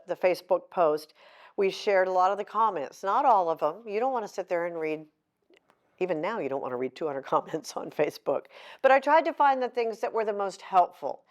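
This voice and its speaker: A middle-aged woman author giving a candid, heartfelt talk to an audience, mixing emotion with self-deprecating humor. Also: medium pitch. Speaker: author at a book signing.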